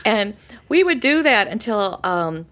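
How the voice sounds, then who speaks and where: A woman's voice: mid-range voice, a little slow. A middle-aged woman, a podcast guest, telling a story in casual chat and acting out the voices she quotes. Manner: animated, acts out quotes with lively voices.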